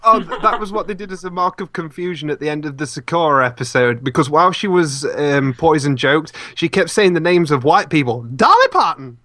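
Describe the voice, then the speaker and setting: A young man hosting a casual podcast, telling stories quickly and slipping into comic voices. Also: on the high side, fairly bright tone. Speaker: podcast host. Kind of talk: casual chat.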